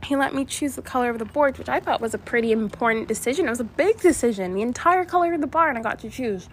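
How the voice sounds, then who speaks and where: A woman's voice: a little high, lively intonation, fast talker, a little hiss or hum. A young woman vlogger telling a rambling storytime to her viewers, with many asides and restarts. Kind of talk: casual storytime chat.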